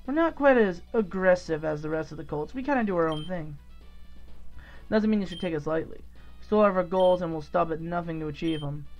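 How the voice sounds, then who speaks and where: A gamer voicing a smug cult villain. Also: male voice, on the high side, a little fast, faint music behind, voice pushed down, close to an everyday voice. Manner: calm, condescending, lecturing. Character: smug male cult commander riding a dragon. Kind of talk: reading game dialogue aloud.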